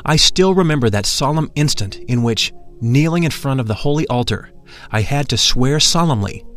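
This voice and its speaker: Man narrating a reverent story over soft music. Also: mid-range voice, animated. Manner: measured, reverent reading. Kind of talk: scripted narration. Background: faint music.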